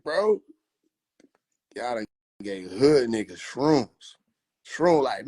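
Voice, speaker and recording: A man's voice: mid-range voice, very animated, slow, pauses often, a little mellow, breathy edge. A man chatting casually on a phone livestream, loose and profane, laughing often. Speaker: livestream host.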